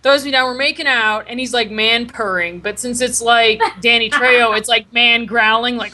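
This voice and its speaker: A woman's voice: on the high side, normal speed, hardly any pauses, a crowd in the background. A young woman co-hosting a live-streamed chat, telling a story with lots of swearing. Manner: animated, profane storytelling. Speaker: podcast co-host. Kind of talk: casual chat.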